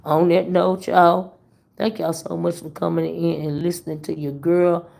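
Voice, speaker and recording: A woman hosts a chatty livestream, gossiping with her viewers and cracking up at the stories. Her voice sits a little low and runs gravelly with fry, and it sounds worn from recent illness. She stretches her exclamations out long. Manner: animated, laughing, drawn-out exclamations. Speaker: livestream host reading chat. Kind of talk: casual gossip chat.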